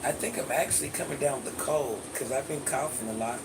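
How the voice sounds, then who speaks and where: A woman with a naturally deep voice, hoarse and losing it, chatting casually with viewers on a live stream and greeting them by name. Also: a little fast. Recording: noisy background hiss.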